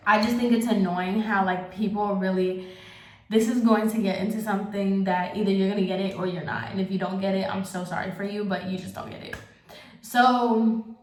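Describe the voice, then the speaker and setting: Young woman vlogger, exasperated sarcastic rant, mid pitch, roomy echo. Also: slight background noise. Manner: exasperated, sarcastic, fast asides. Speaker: beauty vlogger. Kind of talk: casual ranting commentary. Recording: echoey room.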